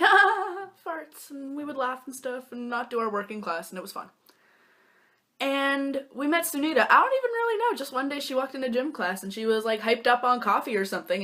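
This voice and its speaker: Young woman vlogger, slightly high voice, chatty and jokey, filmed on a phone. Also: fairly bright tone. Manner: playful, jokey, acts out friends' lines in silly voices. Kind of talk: casual storytelling to camera. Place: small room lit by a lamp. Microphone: phone camera.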